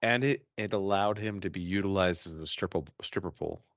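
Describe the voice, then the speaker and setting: A man co-hosting a podcast in casual banter, animated and emphatic, swearing often. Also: low-pitched, brisk, no echo, highs cut off. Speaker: podcast co-host.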